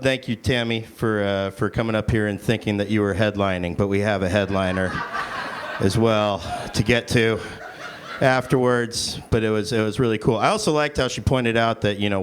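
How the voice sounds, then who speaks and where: A man's voice: mid-range voice, clear, resonant tone. A man hosting a comedy roast, keeping the banter loose, joking and profane. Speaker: host and emcee of a comedy roast. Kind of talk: live emcee banter.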